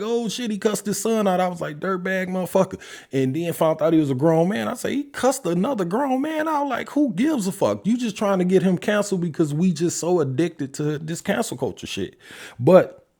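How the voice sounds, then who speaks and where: An older man hosting a podcast, talking bluntly in casual commentary with heavy cursing and wide swings in pitch. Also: a little mellow. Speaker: podcast host. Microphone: podcast mic.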